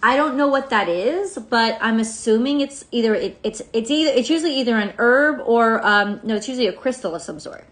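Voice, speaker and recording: A woman with a high voice gives a casual daily tarot reading. She rambles, swears freely and laughs as she goes. The sound is roomy, with a clear echo around her. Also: expressive, a little fast, hardly any pauses. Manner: rambling, profane, laughs often. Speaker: tarot reader.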